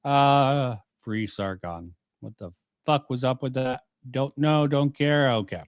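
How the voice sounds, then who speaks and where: A man's voice: medium pitch, slow pace, smooth, dry recording, studio quality. Profane, rambling male reactor. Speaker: reaction commentator. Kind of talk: casual reaction commentary.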